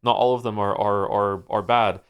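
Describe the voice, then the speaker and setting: A man with a somewhat low voice chats with his stream audience. He rambles, stacking fillers and restarts as he thinks aloud into a desk microphone. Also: fairly even intonation, normal speed, clear, resonant tone. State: losing his voice. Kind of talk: casual chat with chat.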